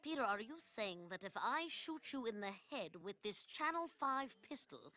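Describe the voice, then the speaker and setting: A cartoon field reporter, woman, high, bright and bouncy, slow and perky on air. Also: sing-song. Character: female cartoon TV news field reporter, upbeat and brash. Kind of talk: cartoon voice acting.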